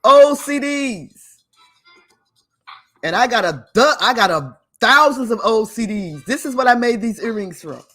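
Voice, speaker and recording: A woman's voice: on the high side, animated, normal speed, hardly any pauses, pushed and bright, slightly rough, faint music behind. A woman hosting a livestream, talking casually and emphatically to her viewers, often laughing and sounding preachy. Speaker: livestream host.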